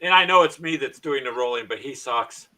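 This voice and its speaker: A man telling wry workplace stories in casual chat, delivering punchlines deadpan. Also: medium pitch, fairly quick, a loud crowd, poor audio. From Iowa. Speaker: podcast co-host.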